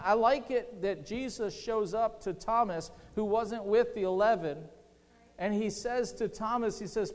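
A fairly high-voiced male pastor preaching an impassioned sermon. He swings between loud, excited outbursts and quiet, tender passages. His voice rings out through a long, reverberant church hall.

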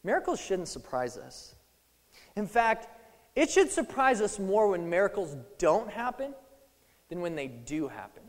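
A man preaching a sermon, casual and animated, acting out scripture scenes in little voices. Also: high-pitched, measured pace. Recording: long hall reverb.

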